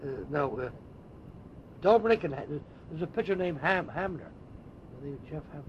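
An older man, a former ballplayer, telling animated anecdotes in an interview, with frequent restarts. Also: on the high side, moderate pace. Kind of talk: storytelling interview. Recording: dull lo-fi tape with faint hiss.

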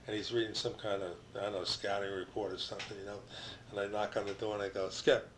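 An older man from New Jersey, a retired baseball pitcher, telling rambling stories as an interview guest, full of restarts and you-knows. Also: level tone, quick pace, a bit bright, a little hiss or hum, rough recording.

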